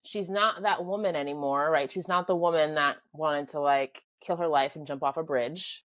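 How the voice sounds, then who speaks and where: A woman's voice: low voice, steady tone, moderate pace, fairly bright tone, no room sound. A woman co-hosting a film review podcast, explaining the plot in casual chat and now and then mimicking a character. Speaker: podcast co-host.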